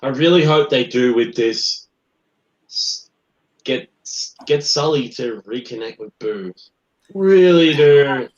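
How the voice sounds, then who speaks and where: A man chatting casually about films on a podcast, sleepy and yawning yet prone to excited outbursts. His voice sits mid-range and sounds roomy and a bit dull, as if taken in an echoey home room on a modest mic. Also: medium pitch, measured pace. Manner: animated, excitable outbursts, reads news aloud. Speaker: podcast co-host. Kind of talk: casual chat about movies.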